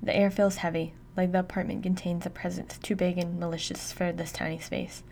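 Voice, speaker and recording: A woman giving steady, intimate first-person audiobook narration. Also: lowish voice, fairly quick, vocal fry, a little hiss or hum.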